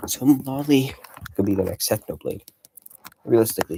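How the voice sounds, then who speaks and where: A man's voice: on the low side, animated, fast talker, background noise. A man streaming casually, out of breath, reading game events aloud with rambling, jokey asides.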